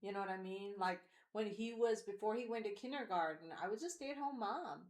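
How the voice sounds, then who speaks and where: A woman's voice: mid-range voice, animated, brisk, hardly any pauses. Chatty woman with an echoey room sound. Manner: rambling storytelling with frequent fillers and quoted voices. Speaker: podcast co-host. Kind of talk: candid personal conversation.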